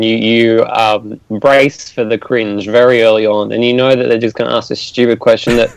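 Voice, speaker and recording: A man's voice: medium pitch, no room sound, poor audio. Exasperated man on a podcast, dry sound. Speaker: podcast co-host. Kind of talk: casual podcast chat.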